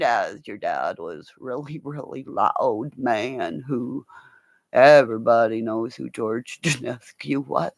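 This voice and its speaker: A woman's voice: extremely low pitch, slow, gravelly, dry recording. A woman hosting a live stream, telling long rambling stories with swearing and frequent slips into mimicking other people's voices.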